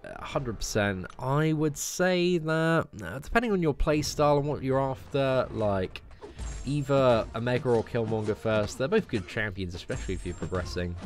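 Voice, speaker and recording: Young British male streamer, casual and rambling, medium pitch, faint background music. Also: moderate pace. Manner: relaxed, chatty, frequent "man" and restarts. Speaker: gaming streamer answering viewer questions. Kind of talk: casual live-stream chat.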